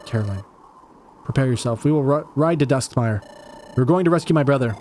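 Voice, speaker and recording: A man voicing an earnest, impulsive young lord who speaks forcefully. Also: medium pitch, animated, a little fast, slight background noise, natural voice. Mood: determined. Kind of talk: fan audio drama acting.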